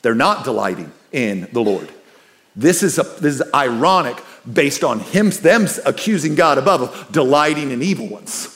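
A man preaching a sermon in a conversational, animated way, with asides to the congregation. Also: mid-range voice, moderate pace. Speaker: pastor.

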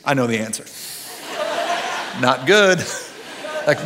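A man preaching a sermon as pastor, animated and earnest, swinging from loud excitement to quiet intensity. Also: medium pitch, a little slow, a crowd in the background.

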